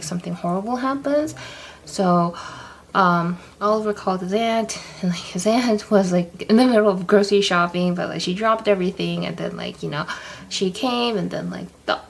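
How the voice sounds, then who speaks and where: A woman's voice: mid-range voice, vocal fry, slight background noise. A young woman vlogging casually, telling a story in a rambling way full of "like". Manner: rambling, heavy use of "like".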